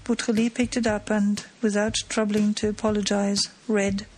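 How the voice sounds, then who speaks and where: A woman narrating an audiobook in a steady, measured way. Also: medium pitch, a little hiss or hum, rough recording.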